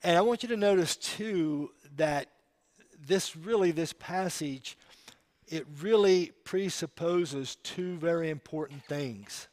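A man preaching a sermon as pastor, emphatic, swinging from loud declarations to quiet asides. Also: a little high, slow, dry recording.

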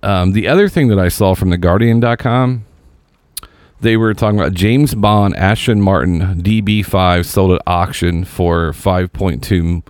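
A man's voice: sits low, measured pace, dry recording, clean studio sound. A man co-hosting a casual podcast chat, telling stories with lots of swearing and acting out what his friends said. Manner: animated storyteller, swears freely, acts out quoted texts. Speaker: podcast co-host.

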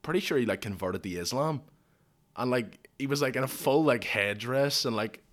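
A man's voice: mid-range voice, moderate pace, fairly bright tone. A young man hosting a casual podcast chat, rambling with lots of "like" and swearing freely. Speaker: podcast host.

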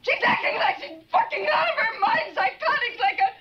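An actress playing a furious, distraught mother who shouts at doctors with exasperation close to tears, heard in a dull, distant film clip. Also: very high voice, sing-song, a little fast, slight background noise.

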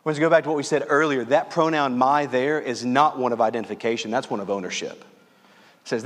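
A man from Louisiana preaching a sermon as pastor, earnestly calling his listeners friends and slowing down on key phrases. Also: medium pitch, big-room sound.

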